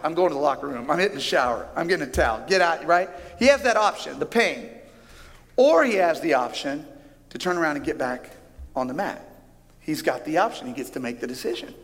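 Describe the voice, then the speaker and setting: A man preaching a sermon as pastor, speaking with animated, emphatic delivery and drawing out key phrases. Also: fairly high pitch. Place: large church auditorium with a stage. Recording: long hall reverb from a large auditorium.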